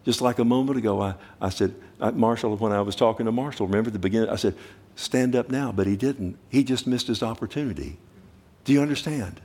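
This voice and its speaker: Husky, animated man preaching. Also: quick pace. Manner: animated, swings from loud urgent bursts to quiet low asides. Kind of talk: sermon.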